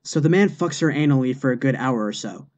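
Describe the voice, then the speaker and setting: A man reading jokes aloud in a steady, deadpan narration. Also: mid-range voice, brisk. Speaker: joke narrator.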